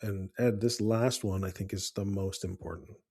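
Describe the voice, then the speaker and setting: An earnest man with a lowish, mellow voice co-hosts a casual talk on fatherhood. He speaks warmly and unhurriedly, often restarting his sentences as he works through his advice. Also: fairly even intonation, moderate pace, husky. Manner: earnest, with frequent restarts and fillers. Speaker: podcast co-host. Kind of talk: casual parenting advice chat.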